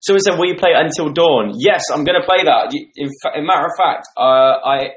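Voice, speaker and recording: Speaking a bit high and fairly quickly, this twenty-something livestream host chats casually from home about viewer comments. He uses a desk mic, and the room sounds echoey.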